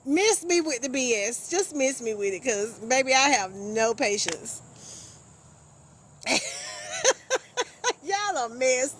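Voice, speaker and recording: A woman's voice: high voice, animated, slow, long pauses, a little hiss or hum. A woman hosting a casual live stream, chatting with viewers, teasing and laughing often.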